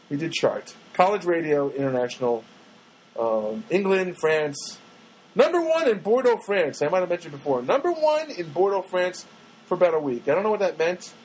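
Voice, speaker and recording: A man's voice: on the high side, darkish tone, slight background noise, low-quality recording. A middle-aged man hosting his own podcast, rambling and self-mocking and now and then breaking into a sung snatch. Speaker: podcast host. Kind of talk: rambling solo podcast monologue.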